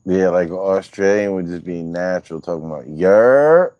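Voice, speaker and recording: A man's voice: low voice, level tone, brisk, clean tone, no room sound, dull audio. A man hosting a livestream, chatting casually with viewers in loose, profane, rambling banter. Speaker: livestream host.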